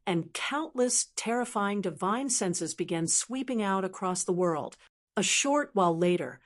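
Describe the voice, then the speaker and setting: A woman narrating a fantasy audiobook in a steady, even-paced reading. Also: medium pitch.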